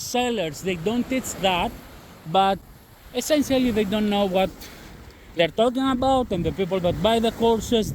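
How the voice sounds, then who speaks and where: A high-pitched, slightly mellow male voice belongs to a trading channel host whose first language is not English and who has a non-native accent. In casual talk to a camera-less audience he gets blunt about trading risk, repeating himself and cursing, with faint wind noise audible.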